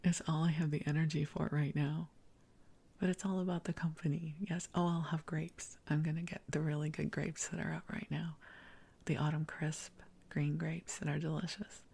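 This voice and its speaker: A middle-aged woman hosting a sleep podcast, rambling softly in a half-whisper and laughing at herself. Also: low-pitched, level tone, normal speed, gravelly, slightly rough. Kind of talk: soft bedtime rambling.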